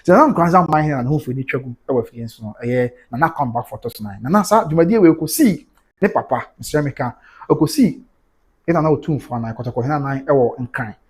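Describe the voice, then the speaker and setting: Husky Ghanaian man hosting a livestream. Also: mid-range voice, fairly quick. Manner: animated, exclamatory, mixing Twi and English. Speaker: livestream news host. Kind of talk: casual livestream commentary.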